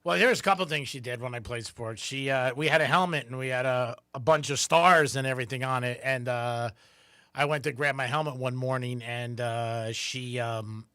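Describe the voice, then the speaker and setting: A man's voice: mid-range voice, normal speed, smooth, dry recording, studio quality. A man co-hosting a radio show, telling family stories casually and acting out the people he quotes in a raised voice. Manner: animated storyteller, acts out quotes in a raised voice.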